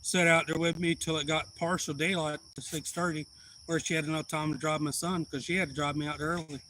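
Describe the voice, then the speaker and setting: Blunt man with a bright voice. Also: a little high, flat delivery, fast, slight background noise, poor audio. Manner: rambling, blunt and profane, with heated retelling. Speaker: live stream host. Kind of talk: casual storytelling on a live stream.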